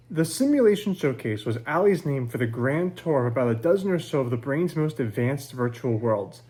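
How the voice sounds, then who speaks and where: Male author, reading own novel, first-person narration, measured, middle pitch, library event. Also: lively intonation, mellow. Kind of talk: reading his novel aloud.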